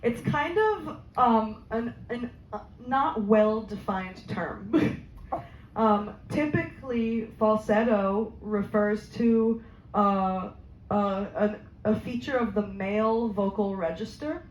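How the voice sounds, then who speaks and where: Woman, voice therapist, casual Q&A talk, unhurried delivery, frequent ums, echoey room, slightly dull sound. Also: mid-range voice, a little hiss or hum. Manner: chatty, laughs often, many ums. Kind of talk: informal Q&A presentation. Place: community room at a senior living center.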